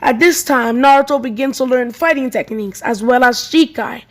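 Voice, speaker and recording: A woman with a high voice reads a homemade fan story aloud. Her delivery is plain and unpolished, with frequent stumbles and restarted lines. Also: moderate pace.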